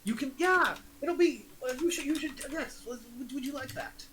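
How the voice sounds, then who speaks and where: A man voicing a scheming father who made a devil pact, talking in a halting, rambling way as game master. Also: very high-pitched, expressive, noisy background, pitched above the performer's own voice. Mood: coaxing.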